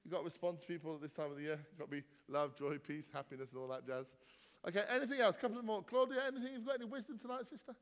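With hardly a pause, a male vicar speaks very fast in a high voice, teasing and joking as he questions his congregation. The playful banter takes place in a church hall, and the recording carries its echoey reverb.

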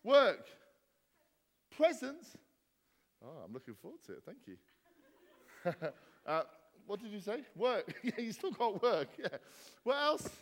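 Here the vicar's voice is high and lively, yet he speaks unhurriedly, with vocal fry and long pauses. He leads his church gathering in playful, teasing banter, quizzing the congregation with bouncy questions, and the hall's reverb echoes around him.

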